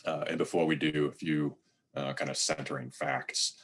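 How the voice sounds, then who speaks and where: A man delivering a sermon in a measured, reflective way, slowly reading poetry aloud. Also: a bass voice, level tone, fairly bright tone, slight background noise. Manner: measured, reflective, reads verse slowly and deliberately. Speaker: lay preacher giving a sermon.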